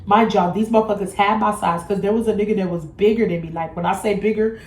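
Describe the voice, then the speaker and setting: A young woman vlogger telling a blunt, profane storytime in a casual, animated way. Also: mid-range voice, fast. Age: young adult. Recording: echoey room, faint music.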